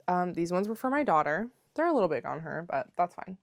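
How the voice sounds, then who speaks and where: Chatty woman vlogger, low voice, dry sound. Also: sing-song, slow, long pauses, no echo. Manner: chatty, rambling, lots of "like" fillers; playful, calls viewers besties. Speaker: knitting vlogger. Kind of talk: casual chat. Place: at home.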